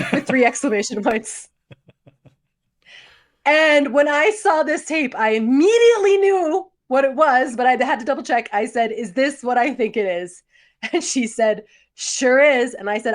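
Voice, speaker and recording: A high-pitched woman in her forties speaks at a moderate pace. Co-hosting a podcast, she tells a story in animated, casual chat and laughs often.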